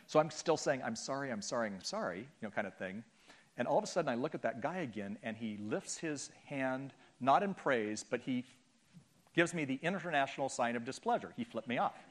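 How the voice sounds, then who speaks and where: Man telling a funny church story. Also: mid-range voice. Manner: humorous, self-deprecating, acts out voices. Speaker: guest speaker and author. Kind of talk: storytelling sermon talk.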